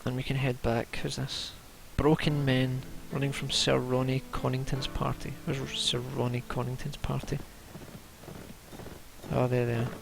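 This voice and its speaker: A man's voice: mid-range voice, little pitch movement, unhurried, gravelly. A young man giving chatty, casual commentary as he plays a video game at home, muttering to himself as he goes. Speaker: let's play gamer. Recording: game music loud behind.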